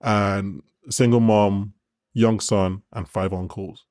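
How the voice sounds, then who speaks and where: Guy with a lowish voice chatting on a podcast, rambly, dry close sound. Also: steady tone, slow pace, a little mellow, dry recording. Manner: rambling, restarts sentences often, laughs easily. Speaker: podcast co-host. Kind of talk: casual chat.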